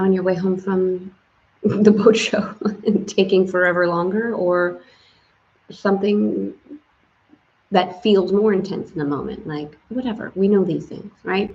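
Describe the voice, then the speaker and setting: A middle-aged woman hosting a casual spiritual live stream, chatty and lively, sprinkling in French greetings. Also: medium pitch. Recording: slightly dull stream audio.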